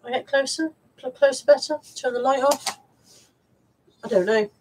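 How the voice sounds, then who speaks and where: A woman's voice: sits high, normal speed, a little mellow, slight background noise, low-quality recording. A woman with a Bristol accent, chatting casually on a live stream while showing her thrift haul, rambling and restarting her words. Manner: chatty, rambling, repeats words and restarts, reads out viewer comments.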